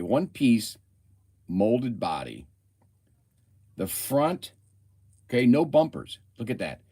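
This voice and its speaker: A man's voice: low-pitched, husky. A man in his seventies from Ohio, hosting a casual livestream and talking through items in a rambling, easily sidetracked way. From Ohio, USA. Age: 70s. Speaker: livestream host. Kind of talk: casual livestream show-and-tell. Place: indoor workshop.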